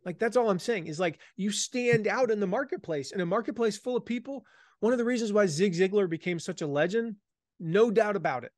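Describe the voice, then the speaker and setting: Male guest author, slight Southern American lilt, energetic and emphatic, a bit higher-pitched, dry close sound. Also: a little fast, dry recording. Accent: slight Southern American, faded by Midwest years. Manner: energetic, emphatic, repeats key phrases. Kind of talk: conversational interview.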